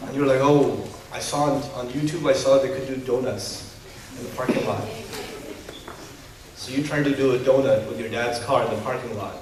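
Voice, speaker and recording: A man with a fairly high voice delivers an Islamic lecture to a live audience, animated and humorous and full of rhetorical questions. He is heard from a distance in a strongly echoing lecture hall. A faint hum of the room sits behind him. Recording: echoey hall, distant mic.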